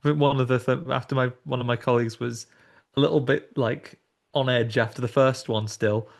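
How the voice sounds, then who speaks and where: A man hosts a casual horror podcast chat. He tells stories with gusto and mimics the people in them. His voice sits in an ordinary middle pitch. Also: fairly quick, vocal fry. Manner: animated storytelling, acts out voices. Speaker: podcast host.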